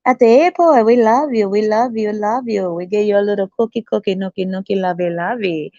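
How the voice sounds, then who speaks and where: A woman voicing sugary, submissive foreign women wooing men, in a slow sing-song. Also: medium pitch, dark tone, no echo. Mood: syrupy, fawning. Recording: dry, slightly dull recording.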